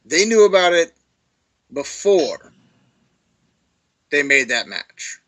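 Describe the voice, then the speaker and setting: A man co-hosting a podcast in casual chat, blunt, sarcastic and quick to swear. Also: on the high side, sing-song, a bit bright. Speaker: podcast co-host.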